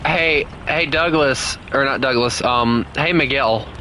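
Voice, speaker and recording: A man's voice: medium pitch, a little slow, bright, forceful tone, a little hiss or hum, rough recording. A man, chatting casually with teammates and chat while streaming a game, laughing often. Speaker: gaming streamer. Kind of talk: casual live gameplay chat.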